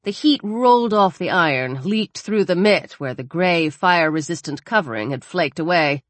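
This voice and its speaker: A woman reading a horror story aloud in a measured, dramatic narrating style. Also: fairly low pitch, lively intonation, no echo. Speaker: audiobook narrator.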